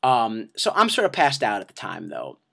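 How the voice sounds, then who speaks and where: A man hosting a podcast, telling a comic personal story in a profane, self-mocking and animated way. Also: on the low side, moderate pace, vocal fry. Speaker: podcast host.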